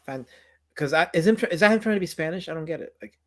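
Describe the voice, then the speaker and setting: A man from New York hosting a casual chat show, rambling and animated, repeating his words. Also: a little high, fast talker. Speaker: podcast host.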